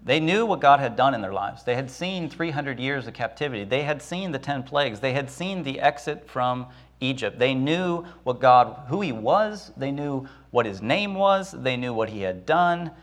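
A man's voice: medium pitch, lively intonation. A man preaching a sermon who acts out the voices of the people and Moses, with dramatic rises and drops. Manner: dramatic, acts out Israelites and Moses in quick asides.

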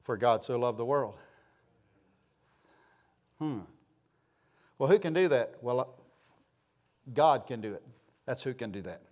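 A man of sixty preaching a sermon, reading scripture slowly and loudly, then dropping to low, quiet asides. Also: expressive. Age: 60s. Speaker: pastor.

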